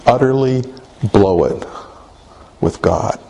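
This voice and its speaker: A man's voice: lowish voice, lively intonation, slow, vocal fry, dark tone, low-quality recording. A man preaching a sermon and retelling a story in a folksy, conversational way, with hesitant fillers.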